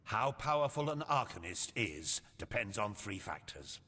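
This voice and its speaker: Crotchety old game mage, low husky voice, sharp tone, lively and scornful, long reverb. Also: male voice, moderate pace, exaggerated voice. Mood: lecturing. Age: older. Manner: condescending, scolding. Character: grumpy old male scholar-mage, scornful and impatient.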